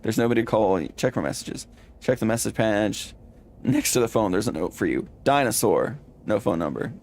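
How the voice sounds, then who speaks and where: A man's voice: on the low side, animated, normal speed, a little mellow. Playful man reading a game aloud. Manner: playful, reads narration with dramatic flair. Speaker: game streamer.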